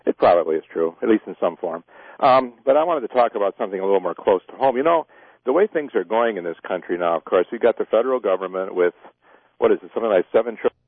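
A man calling in to a radio talk show, talking in a measured, conversational way. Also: fairly low pitch, lively intonation, no room sound. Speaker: caller. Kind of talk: call-in conversation. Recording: tinny phone line.

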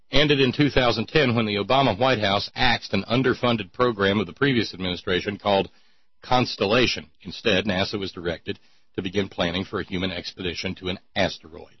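Sardonic rambling man, husky voice. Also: fairly low pitch, no room sound, lo-fi sound. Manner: rambling, sardonic, with many restarts. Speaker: talk show host. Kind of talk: casual call-in show banter.

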